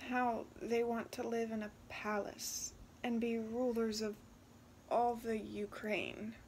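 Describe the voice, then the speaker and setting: A shy young peasant girl from a storybook speaks softly and pleadingly, as a woman reading aloud puts her on. Her voice sits slightly above the reader's own, and she sounds ashamed. A faint hum lies behind the reading. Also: sits high, takes it slowly. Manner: soft, pleading.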